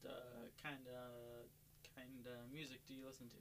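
A young man in casual chat with friends, tossing in quick wisecracks between hesitant fillers. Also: medium pitch, little pitch movement, fairly bright tone, a little hiss or hum.

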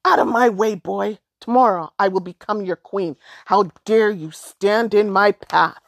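A woman's voice: fairly high pitch, a little fast, no echo, pitched above the performer's own voice, natural voice. A woman voicing a proud, greedy young woman who is scornful and imperious in a storybook.

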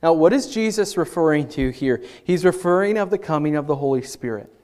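A man's voice: fairly high pitch, expressive, a little fast. Earnest male pastor preaching. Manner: earnest, rises for scripture and drops soft for appeals. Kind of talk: sermon. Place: church service.

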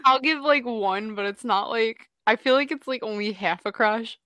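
A woman's voice: on the high side, normal speed, a bit bright, no room sound. A young woman chatting casually on a voice call, giggly and full of "like". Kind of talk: casual chat. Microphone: voice chat call.

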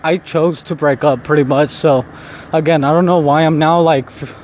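A man's voice: on the high side, steady tone, moderate pace, darkish tone. A young man talking casually while walking outdoors, rambling and self-mocking, swearing often and laughing at himself. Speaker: vlogger. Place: city street outdoors. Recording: faint street noise outdoors.

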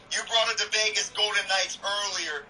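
Bright high-voiced male color commentator. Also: fairly even intonation, a little slow, a little hiss or hum, rough recording. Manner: emphatic, repeats exclamations. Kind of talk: fan broadcast baseball commentary.

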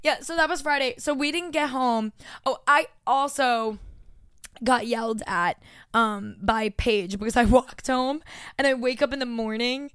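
A woman's voice: on the high side, measured pace, fairly bright tone, clean tone, no echo, clean studio sound. A young woman in her twenties co-hosting a podcast, telling crude stories in casual chat, fillers like "like" throughout. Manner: crude, playful storytelling with lots of "like". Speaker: podcast co-host. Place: New York.

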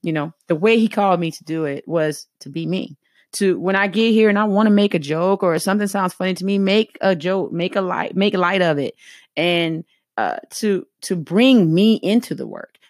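A woman's voice: medium pitch, normal speed, no room sound, clean studio sound. A middle-aged woman with a Southern US accent giving an earnest, conversational motivational talk to her viewers and voicing her own inner thoughts as she goes. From American South. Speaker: motivational speaker.

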